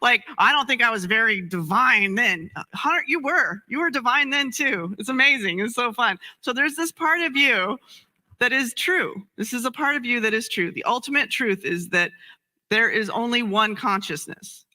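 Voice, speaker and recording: A woman minister delivers a casual, conversational sermon with a very bright, sharp tone. She is animated, slips into little acted-out scenes and laughs often. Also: a little high, moderate pace.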